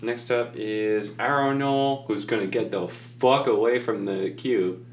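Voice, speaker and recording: Low-voiced man running a tabletop game. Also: measured pace. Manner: casual, laughs often, swears. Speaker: game master. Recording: echoey room with faint noise.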